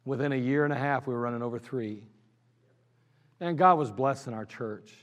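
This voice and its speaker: A man with an Ohio accent, a pastor telling his church's history in an anniversary sermon, animated and laughing at his own stories. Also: mid-range voice, moderate pace. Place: church sanctuary. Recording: church service recording with long hall reverb.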